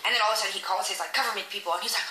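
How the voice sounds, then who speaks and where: A young woman, chatting to camera as she retells a movie and acts out the lines in quick little voices. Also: mid-range voice, bright, forceful tone. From Philadelphia. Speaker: vlogger reviewing a movie. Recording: echoey room, faint noise.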